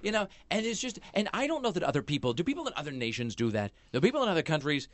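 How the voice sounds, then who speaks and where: In a small studio with no echo, a podcast host with a slightly high voice and big pitch swings talks very fast. Chatting casually on his talk show, he tells a rambling story packed with fillers and restarts.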